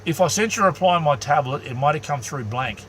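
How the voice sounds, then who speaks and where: A man's voice: a little high, animated, fast, a bit bright, slight background noise. An Australian man chatting bluntly and loosely on a live stream to his viewers, with lots of ums and restarts. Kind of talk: casual live-stream chat.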